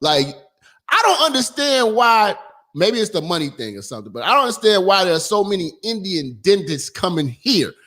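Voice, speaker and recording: A man hosting a call-in radio show, ranting loudly and crudely, rambling, swearing and often breaking into laughter. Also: sits high, big pitch swings, normal speed.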